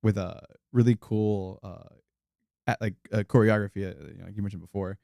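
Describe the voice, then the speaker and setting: A man co-hosting a casual movie podcast, speaking hesitantly with many pauses and restarts. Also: on the low side, fairly even intonation, vocal fry, dark tone, no echo, clean studio sound.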